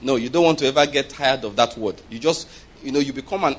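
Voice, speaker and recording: A man's voice: mid-range voice, fast talker. A man preaching a sermon, who keeps checking in with the congregation and acts out little voices to make his points. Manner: animated preaching with call-and-response checks and acted-out voices. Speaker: pastor.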